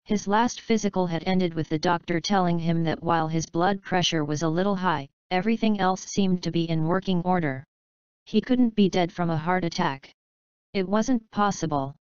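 A woman narrating an audiobook in a dry, even storytelling manner. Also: fairly low pitch, normal speed, clear, resonant tone, no echo, lo-fi sound. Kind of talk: scripted narration.

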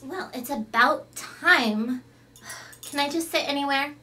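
Lady doing a snooty preppy girl, whiny and high, bit far from the mic. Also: slow pace, sharp tone, heavily acted. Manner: whiny, bratty.

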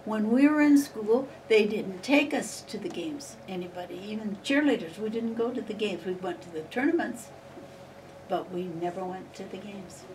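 An older woman with a mid-range voice speaks at normal speed in an interview, reminiscing in a chatty, rambling way and laughing often. A distant mic picks her up along with faint background noise.

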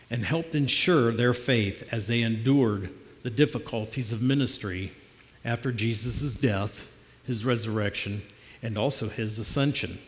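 A middle-aged man preaching a personal testimony sermon as a lay preacher, in a plainspoken, conversational storytelling way. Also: mid-range voice. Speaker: lay preacher filling the pulpit. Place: church sanctuary. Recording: long church reverb.

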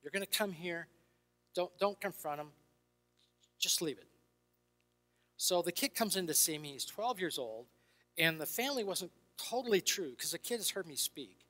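An older man, a Christian counselor, tells stories to an audience and acts out the dialogue in shifting voices. His voice sits high, animated, bright and forceful, at normal speed with long pauses. The sound is a reverberant hall with faint music.

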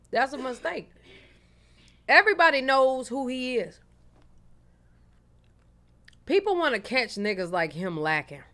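Bright, clear-voiced reaction host. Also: mid-range voice. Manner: emphatic, opinionated commentary. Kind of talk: reaction commentary.

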